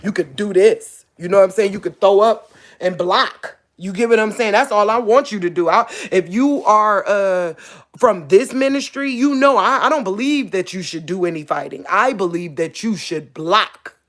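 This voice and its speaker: At a normal speed, a woman preaches to her online audience in an informal, to-camera sermon. Key points get a high, hard push of the voice, while other passages become a soft, emotional murmur, and she repeats "real talk" and "you get what I'm saying" throughout.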